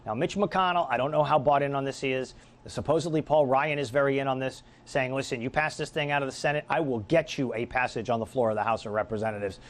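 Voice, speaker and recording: A man's voice: mid-range voice, fast. A middle-aged man hosting a political talk radio show, delivering a combative, sarcastic monologue.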